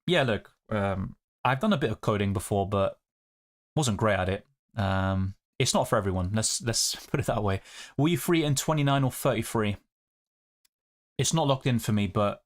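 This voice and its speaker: A man, hosting a live stream and chatting through viewer questions and comments. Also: on the low side. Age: 20s. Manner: chatty, reads viewer comments aloud and answers them. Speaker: fantasy football streamer.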